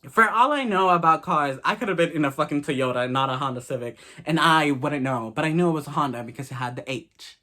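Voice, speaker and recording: A young man with a higher, bright, forceful voice tells a story in a casual vlog. He is blunt, crude and animated, and he swears a lot. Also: quick pace, few pauses. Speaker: vlogger.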